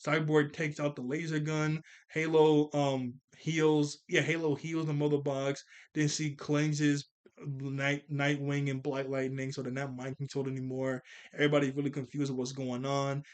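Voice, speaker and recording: Male cartoon reviewer, casual recap, chatty and quick to laugh. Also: a little high, monotone, clean tone. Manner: chatty, laughs often, quick character quotes.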